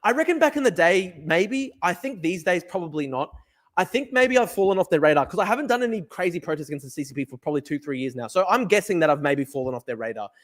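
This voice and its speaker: A young man hosts a livestream from his desk, talking in a rambling, swearing, fired-up rush. His speech comes quick and pressing. His voice sits a little high for a man. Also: expressive. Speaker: livestream host. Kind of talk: casual livestream talk reading chat. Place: at a desk at home. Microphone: desk camera mic.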